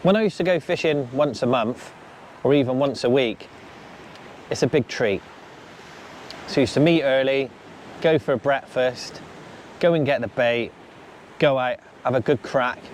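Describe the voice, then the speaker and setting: A man's voice: medium pitch, slight background noise. A man hosting a fishing vlog, chatting casually and upbeat as he gives friendly advice outdoors on a beach. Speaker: angler and channel host.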